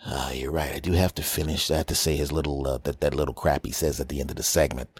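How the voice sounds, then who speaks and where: A man doing a gruff, insulting hired impressionist. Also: extremely low pitch, steady tone, quick pace, dry recording, pitched below the performer's own voice. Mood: grudging. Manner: surly and dismissive. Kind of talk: comedy podcast sketch.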